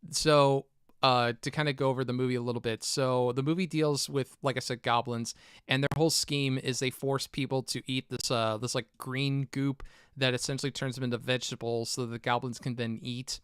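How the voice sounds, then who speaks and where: A man's voice: mid-range voice, level tone, brisk, fairly bright tone, smooth, no echo, clean studio sound. A young man hosting a casual film chat, rambling with many fillers and acting out movie quotes. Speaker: podcast host.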